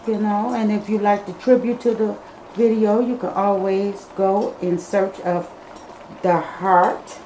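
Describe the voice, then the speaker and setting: Woman cooking host, folksy and slow-spoken, talks straight to her viewers; roomy home kitchen. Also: mid-range voice, warm tone, slight background noise. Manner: chatty, addresses viewers as y'all and you guys. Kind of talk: casual cooking vlog talk.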